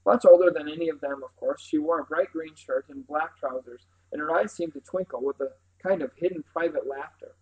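A man reading a children's novel aloud in steady, clear storytelling. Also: a little high, a little fast, few pauses, low-quality recording. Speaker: reader.

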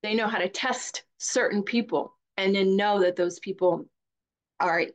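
A woman's voice: medium pitch, unhurried. A middle-aged woman with a Southern accent, talking candidly as a coach in a live webinar, chatty and given to repeating words. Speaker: divorce coach.

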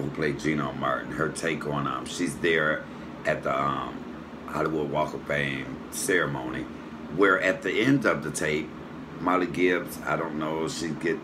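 A man, a comedian hosting his channel, giving a warm, rambling tribute with fillers and self-corrections. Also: rumbling low. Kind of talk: casual tribute to camera. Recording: steady background noise hum.

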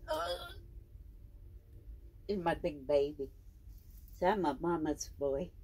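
A woman in her seventies at home, talking to her pet snake in a high, sing-song baby-talk voice and laughing often. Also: wildly swooping pitch, slow pace, dark tone, husky. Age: 70s. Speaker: snake owner. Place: indoors at home.

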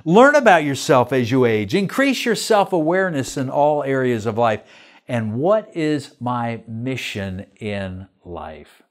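A man's voice: mid-range voice, sing-song, measured pace. An older man, a pastor, teaching a church lesson in an earnest way, asking many questions.

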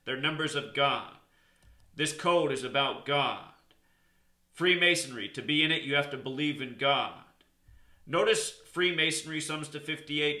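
A man's voice: fairly high pitch, sharp tone, reverberant. A man hosting his own channel, lecturing in an insistent, emphatic monologue. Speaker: channel host. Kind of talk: explanatory monologue.

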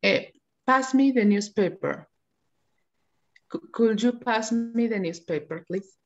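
A woman's voice: on the high side, animated, slow. A woman student on a video call, reading an exercise and stumbling on her first words. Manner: hesitant, stumbling starts. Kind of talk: reading an exercise in online class. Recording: dull lo-fi call audio.

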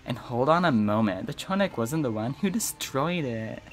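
A man's voice: medium pitch, expressive, normal speed, lightly acted. A man voicing a haughty, pompous male villain in a put-on British accent, with a theatrical, snooty delivery.

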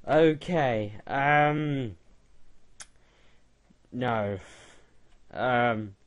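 A man's voice: medium pitch, extremely slow, clear, resonant tone, highs cut off. A young man giving casual gaming commentary, mocking and laughing at a chatbot. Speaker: gaming video creator.

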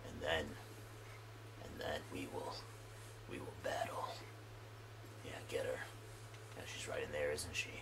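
A man plays a menacing taunter: drop the voice way down, slow and threatening. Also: a bass voice, monotone, vocal fry, noisy background, pitched below the performer's own voice, full character voice.

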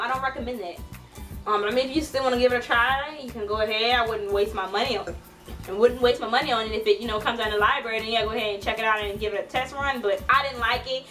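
A woman's voice: on the high side, pushed and bright, far from the mic. A young woman giving a blunt, frustrated book review in a casual vlog, swearing freely and full of fillers.

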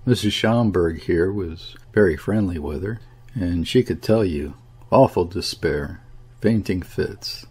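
A man's voice: sits low, unhurried, darkish tone, breathy edge. A man reading the part of a confiding, gossiping middle-aged hotel keeper in an audiobook.

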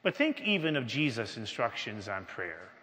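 Slow emphatic preacher guy, bright voice that swings up and down, big church echo. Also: mid-range voice, sing-song. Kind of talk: sermon. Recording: long church reverb.

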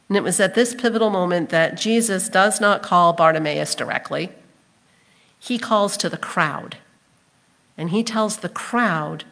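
A woman's voice: on the low side, unhurried, a bit bright. A woman pastor delivering a sermon, telling the story expressively and acting out the crowd's voices. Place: church sanctuary.

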